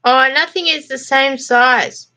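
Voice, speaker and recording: An Australian woman hosting a casual live chat, chatty and quick to laugh, reading out viewer comments. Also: sits high, sharp tone. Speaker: livestream host.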